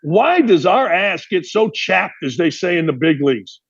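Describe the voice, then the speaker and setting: A man's voice: high voice, sing-song, moderate pace, breathy edge, dull audio. A man from Indiana hosting a sports talk show, delivering an emphatic opinion monologue full of rhetorical questions.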